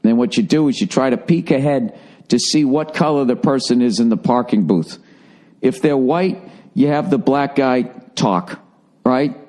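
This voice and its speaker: A man's voice: medium pitch, moderate pace, a little mellow. Profane rambling man telling a story. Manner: profane, rambling, self-mocking. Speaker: podcast host. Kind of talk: rambling solo podcast storytelling.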